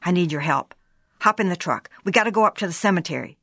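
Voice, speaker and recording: A woman's voice: fairly low pitch, expressive, quick pace, a bit bright, no echo, studio quality. A woman voicing a frantic rural husband who gasps urgent commands.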